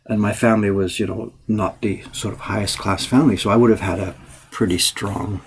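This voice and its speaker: A man from Yorkshire who now speaks with a Canadian accent, hosting a casual livestream and telling lively anecdotes. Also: on the low side, brisk, slight background noise. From England, Yorkshire. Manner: animated storyteller, acts out voices in anecdotes. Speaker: printmaker streaming host.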